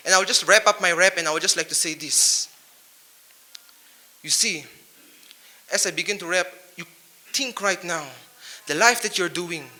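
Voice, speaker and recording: A man's voice: sits high, bright, forceful tone. A man giving a motivational speech to youth, punchy and emphatic, full of rhyming wordplay, into a handheld mic. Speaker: motivational speaker.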